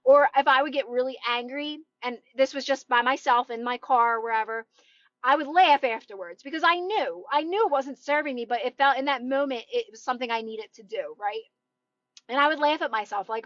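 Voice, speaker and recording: Woman, high voice, upbeat chatty live-stream coach, dry lo-fi phone sound from a parked car. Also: brisk, fairly bright tone, dry recording. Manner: encouraging, chatty, often asks "right?". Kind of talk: casual live-stream motivational chat.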